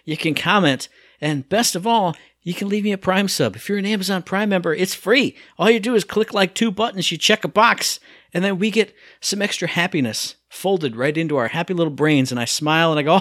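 A man co-hosting a casual podcast, his voice sitting a little high and sounding dry and close, with no room around it. He rambles playfully and gets excitable as he goes. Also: a little fast, no room sound. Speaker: podcast co-host.

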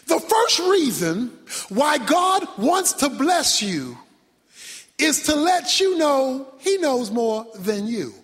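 High-voiced preaching man, very animated. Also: takes it slowly. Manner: emphatic preaching, swinging from shouts to low asides. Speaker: pastor. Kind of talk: sermon. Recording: long reverb from a large hall.

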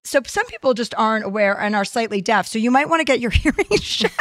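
A woman talking in a relaxed, unscripted way, blunt and liberal with swearing, with a playful edge. Her voice is recorded close and dry, with no room sound around it. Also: fairly high pitch, fast talker, no room sound. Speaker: podcast co-host giving advice. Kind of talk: casual chat. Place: Whistler.

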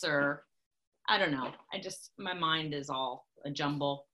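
A woman's voice: low voice, unhurried, sharp tone. A middle-aged woman in casual chat, blunt and emphatic, repeating herself to drive a point home. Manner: emphatic, blunt and repetitive when preaching farm safety.

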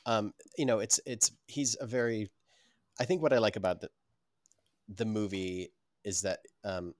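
A man's voice: fairly low pitch, fairly even intonation, normal speed, a little mellow, no echo, clean studio sound. A man co-hosting a podcast, talking casually in a rambling, thoughtful way. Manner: rambling, thoughtful with many fillers. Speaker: podcast co-host. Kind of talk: casual chat.

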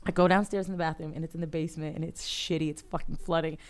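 A woman on a podcast telling a long, embarrassing story in casual chat, animated and profane, often acting out the people she quotes. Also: low voice, quick pace. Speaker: podcast co-host. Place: podcast studio.

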